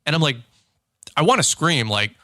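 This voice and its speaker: A middle-aged man hosts a podcast with a blunt, fired-up delivery. He leans hard on repeated phrases and acts out the voices of people he quotes. His voice is bright and forceful, recorded dry and close to the mic. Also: on the high side, sing-song, normal speed, dry recording. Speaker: podcast host, lawn care business owner. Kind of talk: energetic motivational podcast talk.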